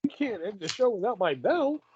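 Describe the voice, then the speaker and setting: A man hosting a casual podcast who talks in a lively, swearing, joking way. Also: sits high, moderate pace, breathy edge, dull audio. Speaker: podcast host. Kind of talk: casual chat.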